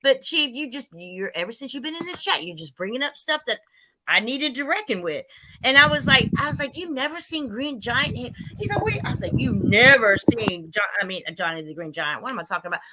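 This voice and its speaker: A woman's voice: a little high, quick pace, noisy background. A woman in her fifties hosting a casual spiritual chat, telling stories and acting out the quotes in them. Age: 50s. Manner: animated storytelling, acting out quotes. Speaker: host.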